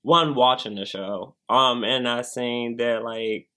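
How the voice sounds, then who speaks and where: A man's voice: medium pitch, takes it slowly. Young guy just chatting about himself, laid back, lots of likes and ums, medium voice. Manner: relaxed, rambling, heavy use of "like" fillers. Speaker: cast member being interviewed. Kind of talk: casual interview chat.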